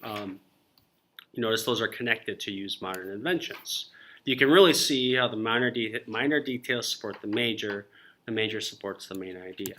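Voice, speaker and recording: A man's voice: fairly low pitch, normal speed, sharp tone, a little hiss or hum. A man teaching a college reading class, explaining ideas informally and calling on students by name. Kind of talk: classroom lecture.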